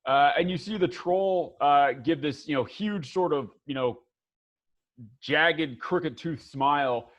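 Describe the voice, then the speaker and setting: A man's voice: fairly high pitch, slow, fairly bright tone. A man narrating a tabletop game as game master, rambling with many fillers and restarts, on a dull lo-fi recording.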